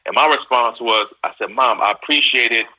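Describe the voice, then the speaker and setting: Animated and laughing, a middle-aged guest on a live video call spins stories in casual chat. He talks a little fast at a medium pitch, heard through poor audio.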